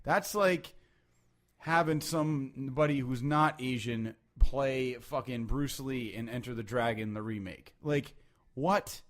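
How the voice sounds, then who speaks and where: A man's voice: medium pitch, slow. A man co-hosting a casual podcast, blunt and laid-back, swearing freely. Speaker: podcast co-host. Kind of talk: casual chat.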